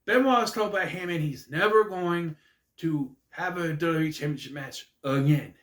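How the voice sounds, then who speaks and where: A man's voice: a little high, normal speed, fairly bright tone. A man rambling through a casual, jokey recap monologue with asides. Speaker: wrestling recap vlogger. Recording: echoey room.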